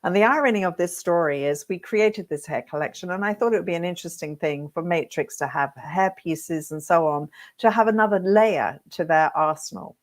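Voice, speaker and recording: A British woman, a hairdressing coach, telling her career story straight to camera with lively check-ins to her viewers. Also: fairly low pitch, fairly quick, hardly any pauses. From Britain. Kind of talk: reflective direct-to-camera talk.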